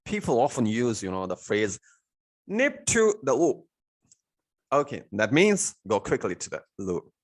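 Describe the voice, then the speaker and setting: A man's voice: medium pitch, huge pitch swings, unhurried. A man who teaches a lesson. He asks "means what?" and then answers himself, and he fills gaps with "you know". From India. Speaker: English teacher. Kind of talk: recorded lesson explaining vocabulary.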